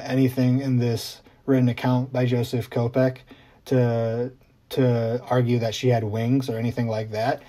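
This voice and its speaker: A man talks straight to camera as host of his own explainer vlog. His voice is mellow and warm at an ordinary middle pitch. He keeps it chatty, with ums and little asides. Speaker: journalist host.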